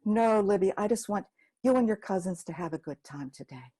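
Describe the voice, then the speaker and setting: A woman storyteller voicing a gentle, wise elderly grandmother with a homespun, reassuring manner. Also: mid-range voice, lively intonation, fairly quick, breathy edge.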